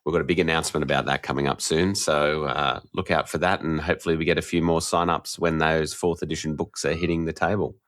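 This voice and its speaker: Very deep-voiced man. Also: fairly even intonation, fast talker, hardly any pauses, a bit bright. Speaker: podcast co-host. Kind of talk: casual chat.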